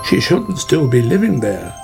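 A man's voice: mid-range voice, very animated, normal speed, gravelly. A man reading a storybook aloud, voicing a chatty, concerned male otter, with music behind.

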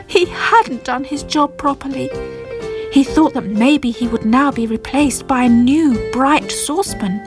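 A woman's voice: high voice, measured pace. A woman reading a children's story in a soothing manner, with children's music behind.

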